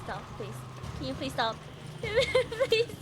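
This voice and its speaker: This is a young woman voicing live gameplay commentary in a very high, lively voice that leaps up and down. She is excitable and easily panicked, laughing and swearing as she plays. Game music plays clearly underneath. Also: slow pace. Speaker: streamer.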